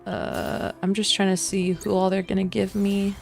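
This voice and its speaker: Her medium-pitched voice is gravelly and a little mellow, with little pitch movement and a moderate pace. She streams as a virtual singer playing gacha games, playfully chatting, humming and laughing with her viewers over background music.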